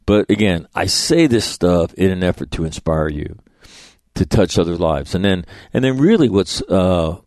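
A middle-aged man with a fairly low voice delivers a blunt, profane monologue as a podcast host. He talks emphatically and acts out the conversations in his stories. The sound is dry and close. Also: expressive, moderate pace, darkish tone, no room sound. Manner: profane, emphatic, tells stories acting out dialogue.

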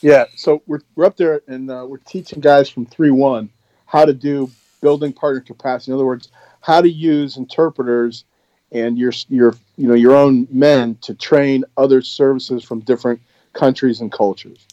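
A man's voice: medium pitch, normal speed, no room sound, dull audio. A man in his sixties, a former Marine instructor, telling a story in a rambling, casual way with many restarts. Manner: rambling, many restarts, animated when retelling.

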